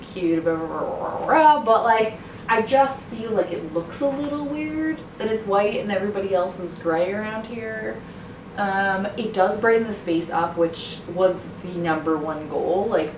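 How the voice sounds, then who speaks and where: In a hushed nighttime home vlog, a woman with a medium-pitched voice paints her living room and thinks out loud, using "like" constantly. She's a homestead vlogger, and the background is noisy.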